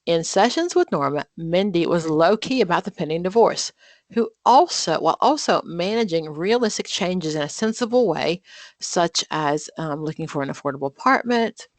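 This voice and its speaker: A woman instructor with a deep voice runs a live online exam prep study group, captured in a dry recording. She reads practice questions aloud, then quizzes and explains in a chatty manner, often using fillers and correcting herself.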